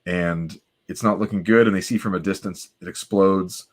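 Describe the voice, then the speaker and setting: A man's voice: low voice, fairly even intonation, moderate pace. A man co-hosting a comic book podcast, casually recapping the plot and now and then voicing the characters' lines. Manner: recaps the plot, dropping briefly into playful character voices. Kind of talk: casual chat reading comics aloud.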